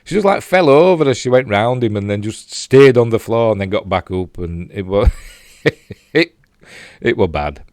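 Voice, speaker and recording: A man's voice: mid-range voice, animated, normal speed, darkish tone, dry recording, studio quality. An older man with a Yorkshire accent casually reviewing a TV episode, rambling with fillers and self-mocking asides while he replays clips. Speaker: TV show reviewer.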